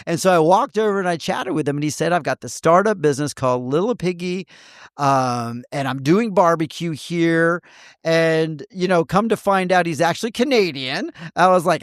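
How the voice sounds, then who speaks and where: A man's voice: a little high, animated, a little fast, no room sound, clean studio sound. A middle-aged man from Texas with a Texan accent, chatting enthusiastically as a guest about local spots. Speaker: guest, local TV news host. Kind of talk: casual chat.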